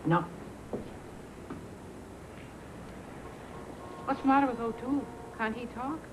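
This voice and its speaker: An actress playing a wary widow who answers the police curtly and with bitterness. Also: female voice, on the high side, fast talker, background noise, close to an everyday voice. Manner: curt, tight-lipped, then bitter.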